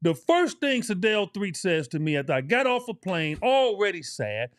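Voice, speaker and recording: A man's voice: high voice, very animated, normal speed. A middle-aged man, a former pro basketball player co-hosting a podcast, telling a story casually and emphatically, repeating phrases for emphasis and swearing.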